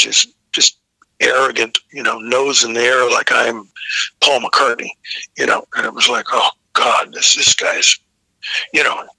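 Bright, dry-voiced older rock singer. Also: male voice, mid-range voice, husky, dry recording, rough recording. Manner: rambling anecdotal, frequent restarts, profane. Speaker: rock vocalist guest. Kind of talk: casual storytelling interview.

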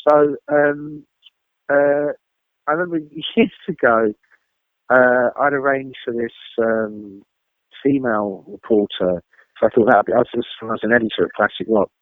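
A man, a rock journalist, telling animated anecdotes as an interview guest and acting out the people in his stories, heard over a phone line. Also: mid-range voice, a little slow, no echo. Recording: dry, tinny phone line.

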